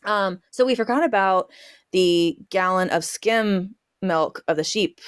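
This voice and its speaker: A woman homesteader as a podcast guest, telling a story in a lively way and acting out her own quotes with fillers and laughs. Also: mid-range voice, unhurried, smooth, dry recording, clean studio sound. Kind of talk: casual storytelling interview.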